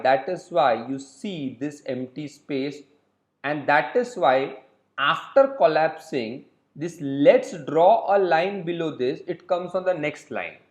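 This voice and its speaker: A man's voice: fairly high pitch, expressive, roomy sound. A man teaching a recorded web development lesson, explaining step by step and often checking in with "okay?". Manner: explains slowly, repeats points and checks in with "okay?". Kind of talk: recorded coding lecture.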